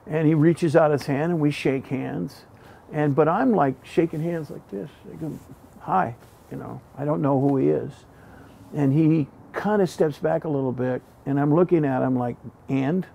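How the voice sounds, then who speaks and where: A man's voice: on the high side, moderate pace, vocal fry, slight background noise. A middle-aged man, a blues singer and harmonica player, telling a casual story and animatedly acting out the people in it. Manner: animated, acts out quoted voices in his tale.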